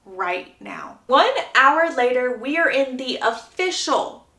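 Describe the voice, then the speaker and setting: A young woman retelling a novel's plot as a book vlogger, in a chatty, animated way. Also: sits high, measured pace. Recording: echoey room.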